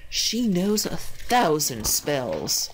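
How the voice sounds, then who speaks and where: A woman voicing a stern, knowing male black cat in a storybook, speaking low and firm. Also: wildly swooping pitch, drawn-out words, a little hiss or hum, heavily acted.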